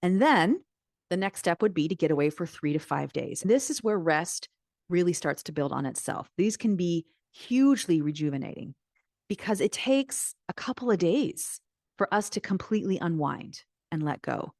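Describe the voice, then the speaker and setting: A woman's voice: lowish voice, expressive, moderate pace, a little mellow, dry recording, clean studio sound. A middle-aged woman hosting a solo podcast, talking straight to the listener in an earnest, encouraging way. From United States. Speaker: podcast host and Christian mindset coach.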